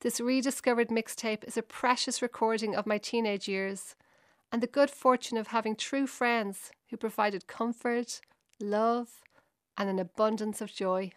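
A woman's voice: a little high, steady tone, unhurried, no echo, studio quality. A woman reading her own personal essay aloud, in a reflective, fond manner.

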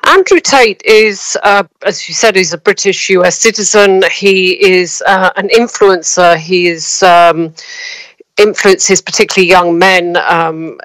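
Woman correspondent, phone-in, hesitant and measured, crisp dry voice. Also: fairly low pitch, a bit bright, dry recording, low-quality recording. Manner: measured, hesitant with frequent ums. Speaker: news correspondent. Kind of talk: news interview. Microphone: phone call.

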